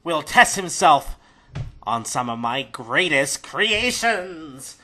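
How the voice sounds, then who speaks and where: A man's voice: fairly high pitch, sing-song, takes it slowly, bright, forceful tone, a little hiss or hum, pitched above the performer's own voice, exaggerated voice. A man voicing a theatrical male gnome showman announcing to a crowd. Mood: grandiose. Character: showman gnome inventor, grandiose.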